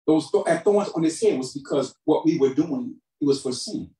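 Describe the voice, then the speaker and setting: A man preaching a sermon as pastor, calling for responses from the congregation and swinging between shouted emphasis and quiet, low asides. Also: lively intonation, normal speed. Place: church hall. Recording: roomy hall sound from a distant mic.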